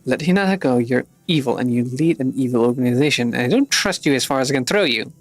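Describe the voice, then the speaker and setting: A man's voice: fast, few pauses, no echo, faint music behind. A man streaming, reading a game's story dialogue aloud and voicing each character in turn. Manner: switches pitch and pace between characters, animated.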